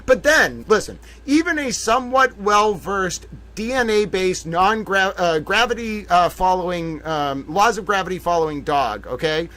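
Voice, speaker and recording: A man hosting a livestream in casual chat, playfully theatrical, addressing his audience as ladies and gentlemen with drawn-out exclamations. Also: high-pitched, expressive. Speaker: livestream host.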